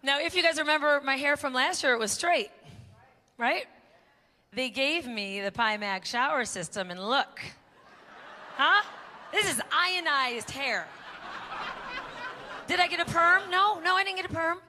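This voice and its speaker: A woman with a high, animated voice emcees a conference at an unhurried pace, leaving long pauses. She jokes and pokes fun at herself in a stand-up style before the audience. Music plays behind her, and the live event carries crowd noise.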